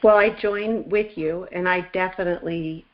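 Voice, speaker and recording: A woman with a lowish voice hosts an interview as a reverend and talks earnestly about her own work. Her tone stays reflective and sincere. The audio is muffled and lo-fi. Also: fairly even intonation, moderate pace. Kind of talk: conversational interview.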